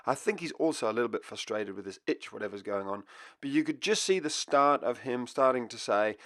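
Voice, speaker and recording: A man, a dog trainer, calmly talking viewers through a puppy training lesson. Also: medium pitch, brisk, no room sound, studio quality. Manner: relaxed explanatory teaching. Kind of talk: instructional video narration. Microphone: voice-over for part.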